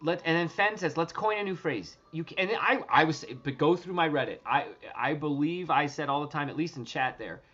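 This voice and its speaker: A man talking casually to his viewers, rambling and excitable, swearing and restarting his sentences often. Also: a little high, a little fast, few pauses, lo-fi sound. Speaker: treasure hunt vlogger.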